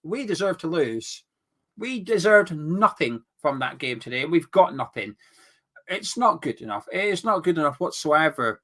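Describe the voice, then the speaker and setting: A young man hosts a football fan chat, plainly worked up and exasperated. His voice is bright and sits a little high, and it swings widely as he rants. He turns sarcastic now and then. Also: big pitch swings, moderate pace. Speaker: fan channel host. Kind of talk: heated football fan commentary.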